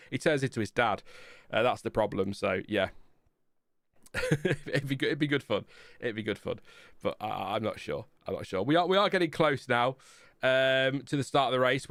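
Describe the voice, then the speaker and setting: A man's voice: medium pitch, fairly bright tone, clean tone, dry recording, clean studio sound. A British man hosting a live race watchalong, chatting casually and joking as he reads viewer comments from his home streaming setup. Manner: chatty, joking, reads chat messages aloud. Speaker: livestream host.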